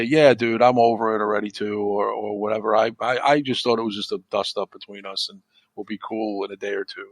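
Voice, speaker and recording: A man's voice: lowish voice, no room sound. A man chatting as a podcast guest, telling stories with plenty of swearing and acting out the arguments he quotes. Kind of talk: casual chat.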